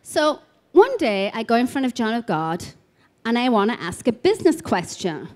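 At an expo talk room, a woman tells an audience stories about spiritual healing, chatty and full of casual fillers like "like." Her voice is on the high side with big pitch swings, a moderate pace, and a slightly mellow tone.

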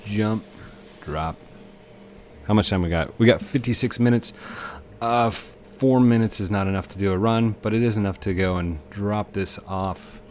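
A man's voice: on the low side, normal speed, a little mellow, slight background noise. A man giving casual, rambling commentary while playing a video game, talking to himself and the game. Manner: chatty, talks to himself and the game.

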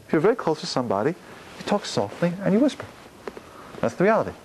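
A man, a rabbi, giving a Torah lecture on prayer, animated, posing questions and answering them himself. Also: a little high, quick pace, slight background noise, poor audio. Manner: animated, gestures while talking, asks and answers own questions.

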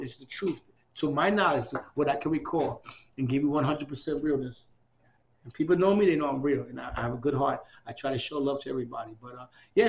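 In an oral history interview, a man in his fifties talks excitably and repetitively, handing out many shout-outs. His voice is a little high with some vocal fry.

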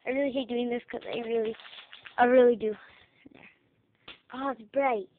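A young girl chatters through a casual room tour in her bedroom, rambling and excitable with a fairly high voice. The sound is tinny and lo-fi, like cheap home camera audio. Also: normal speed, a little hiss or hum. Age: child. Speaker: vlogger giving a room tour. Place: child's bedroom, indoors.

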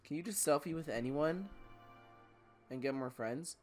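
Male gamer, casual let's-play commentary, swearing, joking, lively pitch. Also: unhurried, faint music behind. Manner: joking, swearing, laughing asides.

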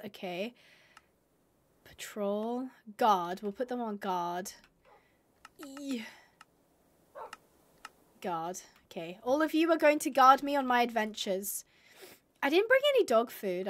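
A young woman streaming a game live, chatting to viewers and gushing and squealing over cute animals. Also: a little high.

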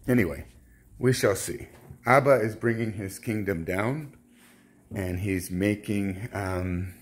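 A man speaking as a self-styled prophet in a rambling religious monologue, fervent and halting, with many restarts. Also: on the low side, husky.

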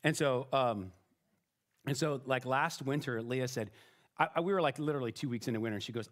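Here the same kind of self-deprecating, conversational sermon comes from a middle-aged pastor at medium pitch and a fairly quick pace. He regularly restarts his sentences and checks in with "right?"

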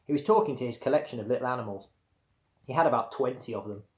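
A man reading a children's storybook aloud to his class. He narrates at an easy, even storytelling pace. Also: medium pitch, fast talker. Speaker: primary school teacher.

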